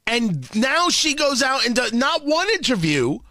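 An incredulous, sarcastic man delivers political commentary as host. His voice is high and bright, and his pitch leaps about. The sound is close and dry. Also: sing-song, moderate pace, few pauses, no room sound.

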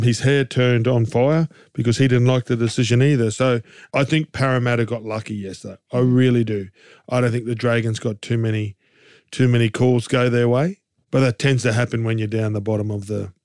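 A man's voice: mid-range voice, no room sound, clean studio sound. Joking Australian man talking footy. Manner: animated, jokey, rambling with restarts. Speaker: co-host and game commentator. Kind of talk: casual sports chat.

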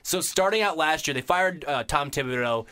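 A man's voice: fairly high pitch, animated, moderate pace, pushed and bright, clear, resonant tone. A man hosting a sports podcast, ranting in an exasperated, mocking way.

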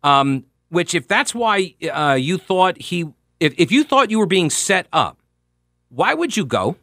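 A man's voice: high voice, very animated, a little slow, pushed and bright, dry recording, studio quality. A man hosting a radio talk show, recounting a story in an emphatic, conversational way.

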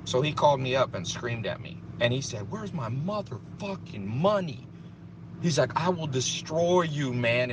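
Man, middle pitch, blunt lecturing boss type who swears freely; faint road noise behind. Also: a bit bright. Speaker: business owner addressing his team. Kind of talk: blunt motivational talk.

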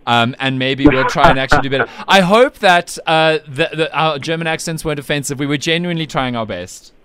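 A man hosting a breakfast radio show, excitable and self-mocking as he laughs his way through the chat. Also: a little high, a little fast, clear, resonant tone, no room sound. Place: radio studio.

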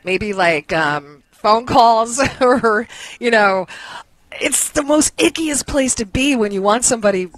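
A woman's voice: a little high, expressive, slow, dry recording. A middle-aged woman co-hosting a podcast, chatting candidly and mocking herself, often searching for words. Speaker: podcast co-host. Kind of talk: casual chat.

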